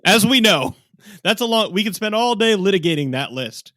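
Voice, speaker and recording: A man's voice: high voice, expressive, moderate pace, fairly bright tone, no echo. A man hosting a casual podcast chat, offering wry commentary. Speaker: podcast host.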